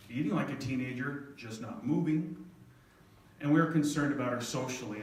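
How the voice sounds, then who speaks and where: A man's voice: mid-range voice, slight background noise. Middle-aged man, heartfelt storyteller with a self-deprecating edge, mid-range voice, picked up from a distance in an echoey hall. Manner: heartfelt, self-deprecating, quoting his daughter. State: near tears at moments. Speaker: speaker telling a family story to an audience. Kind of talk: storytelling talk.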